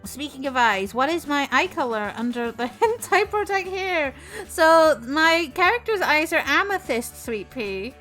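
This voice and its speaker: A chatty woman hosts her stream with plenty of energy and casual swearing. Her voice is bright and a little high, with faint music playing behind her. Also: big pitch swings, measured pace. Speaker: VTuber streamer host.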